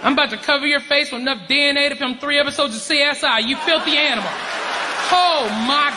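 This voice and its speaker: A stand-up comedian on stage giving crude, mock-instructional advice to the crowd. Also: male voice, extremely high pitch, rapid-fire, background noise. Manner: bawdy, mock-instructional delivery. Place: theater stage with audience. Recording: live hall with crowd laughter.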